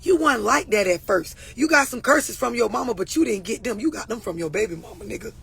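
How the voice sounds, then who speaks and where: Blunt, husky-voiced woman coach. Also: fairly high pitch, lively intonation, brisk, fairly bright tone. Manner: blunt, profane, preachy, addressing viewers directly. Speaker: relationship and mental health coach. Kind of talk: unscripted talk to camera.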